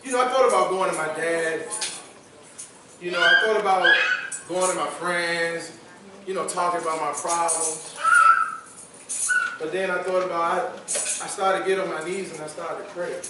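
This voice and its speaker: A young man giving a testimony sermon, talking casually and repeating phrases, building up to shouted preaching. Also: on the high side, fairly even intonation, moderate pace, pauses often, heavy background noise. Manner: conversational, repeats phrases for emphasis. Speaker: youth service speaker. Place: large church hall. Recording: echoey church hall from far off.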